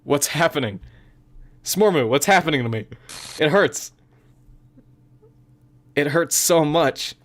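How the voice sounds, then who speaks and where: A man reading aloud the lines of a sweet, possessive young female club president, gentle and self-conscious, later pleading. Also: fairly high pitch, expressive, slow, pauses often. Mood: anguished. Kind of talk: reading game dialogue aloud.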